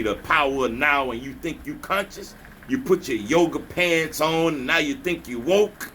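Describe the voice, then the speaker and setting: A man preaching a forceful rant, scolding and taunting whoever is listening. His pitch swings widely as he hammers the same slogans again and again. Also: a little hiss or hum. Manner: repeats slogans, mocking laughter. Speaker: spiritual vlogger.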